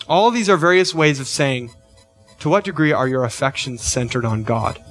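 A man's voice: fairly high pitch, fairly bright tone. A middle-aged man preaching a sermon as pastor, earnest, often checking in with "right?" and lifting his voice on key questions.

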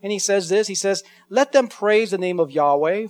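A man preaching an expository sermon, slowing down to read scripture lines with weight and emphasis. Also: high voice, a little mellow, no room sound. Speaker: pastor.

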